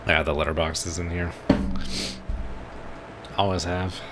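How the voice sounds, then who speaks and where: A man's voice: low-pitched, little pitch movement, unhurried, very noisy. A man streaming a naval game, musing aloud in casual commentary. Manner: laid-back, musing aloud.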